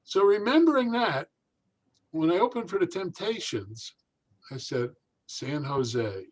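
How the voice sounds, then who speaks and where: An older man spins a rambling stage story, his voice sitting a little high for a man. He slips into other people's voices as he goes, full of fillers and quick asides. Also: rough recording. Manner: animated, acts out voices in his anecdotes. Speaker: guest magician. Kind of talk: storytelling in a conversation.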